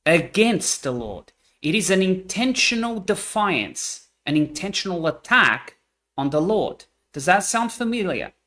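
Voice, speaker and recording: A man reading Bible verses aloud and explaining them, deliberate and stressing key words. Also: high-pitched, expressive, pushed and bright. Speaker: scripture reader.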